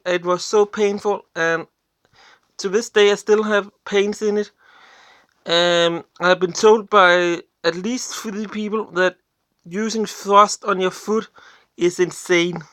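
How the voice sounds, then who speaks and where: A vlogger from Denmark with a Danish accent, telling personal stories in a halting way, often searching for English words, blunt and complaining. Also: medium pitch, fairly even intonation, a bit bright, no echo. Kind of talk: casual personal storytelling to camera.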